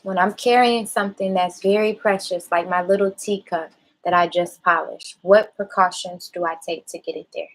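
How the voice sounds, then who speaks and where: A mother calmly questioning her child about a mistake, patient and measured while she holds back tears. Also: lowish voice, poor audio. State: close to tears, holding back. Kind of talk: parent talking a child through a mistake.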